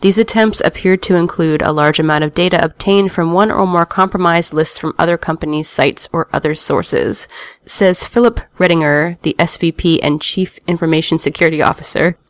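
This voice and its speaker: A woman hosts a gaming podcast in a chatty, casual way, slipping wry asides into the news she reads. Her voice sits a little low for a woman. The sound is dry and close, with no room around it. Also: fairly even intonation, fairly quick, dry recording. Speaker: podcast host.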